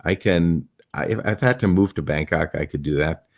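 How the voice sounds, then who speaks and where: Deep-voiced middle-aged man telling stories. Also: moderate pace, creaky. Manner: animated anecdotes with acted-out quotes. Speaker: stage illusionist guest. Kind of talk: storytelling in a podcast interview.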